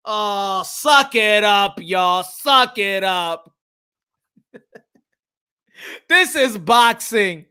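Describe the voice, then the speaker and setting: Hyped-up boxing vlogger, high bright voice. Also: male voice, extremely slow, long pauses, clear, resonant tone. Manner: excitable, hyped, laughing trash talk. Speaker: boxing channel host. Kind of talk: casual livestream chat.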